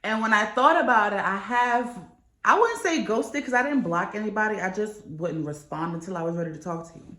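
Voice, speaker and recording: A woman's voice: medium pitch, brisk, pushed and bright, reverberant. A young woman vlogging in a casual, candid chat, swearing freely as she tells a story. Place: New York.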